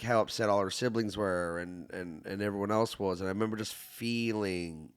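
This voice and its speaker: A man, hosting a podcast and telling a personal story in a reflective, halting way, often restarting and growing quiet. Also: lowish voice, clear, resonant tone. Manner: reflective, halting storytelling with many restarts, drops soft when sad. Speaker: podcast host. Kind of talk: casual conversation.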